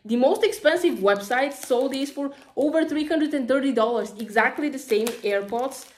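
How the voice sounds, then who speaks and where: A woman talking casually through an unboxing, excitable and chatty, gushing over each item with lots of fillers. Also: high voice, moderate pace. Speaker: vlogger.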